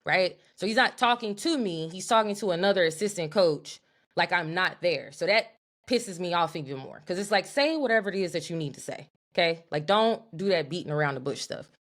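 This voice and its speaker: A young woman co-hosting a podcast, telling an animated, profane story in a casual chat. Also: on the low side, fairly quick. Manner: animated, profane, talks to her co-host as "girl". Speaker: podcast co-host.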